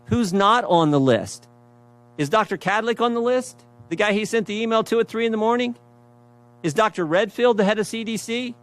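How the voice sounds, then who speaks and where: A middle-aged man makes his case at a hearing in an emphatic, driving voice. His voice sits somewhat high for a man, and he reads out emails and repeats phrases for weight. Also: normal speed. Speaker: congressman questioning at a hearing. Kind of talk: speech at a hearing.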